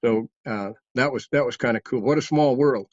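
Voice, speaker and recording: A man's voice: medium pitch, moderate pace, a little mellow. A man telling hunting stories in a rambling, casual way, chuckling as he goes. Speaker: guest storyteller. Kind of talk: casual storytelling. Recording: dull, dry sound.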